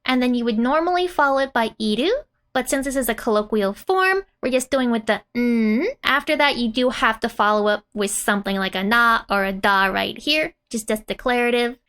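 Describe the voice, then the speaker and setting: A woman's voice: on the high side, moderate pace, fairly bright tone, smooth. A woman teaching a casual language lesson in a chatty way, often laughing and saying "like". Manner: chatty and giggly, with filler "like". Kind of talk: casual lesson explaining manga dialogue.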